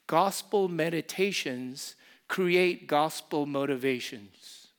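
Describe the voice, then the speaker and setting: A male pastor with a mid-range voice preaches an impassioned sermon. He repeats key phrases and swings between loud emphasis and soft, intimate asides.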